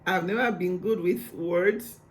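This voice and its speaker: A man reading the lines of a reluctant, pleading Moses in a quieter, hesitant voice. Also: high voice, unhurried. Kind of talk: Bible reading aloud.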